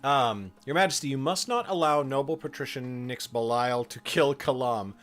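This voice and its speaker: A man's voice: medium pitch, normal speed, fairly bright tone, soft background music, close to an everyday voice. A man voicing a pleading, frog-faced male finfolk creature in a game, reading in an earnest, pleading way.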